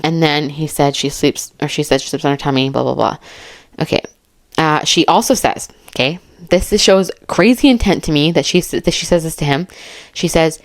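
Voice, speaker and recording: A woman giving casual, excitable true crime commentary to her viewers, chatty and often laughing as she reads messages aloud. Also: sits low, a little fast.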